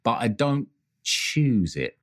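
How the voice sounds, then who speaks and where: A man's voice: medium pitch, big pitch swings, takes it slowly. A middle-aged man co-hosting a podcast, chatting candidly and joking, swearing casually. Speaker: podcast co-host. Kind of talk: casual chat.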